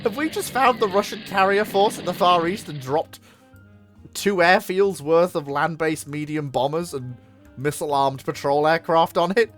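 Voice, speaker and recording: A streamer, commenting live on a strategy game and bursting into loud exclamations. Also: medium pitch, normal speed, faint music behind.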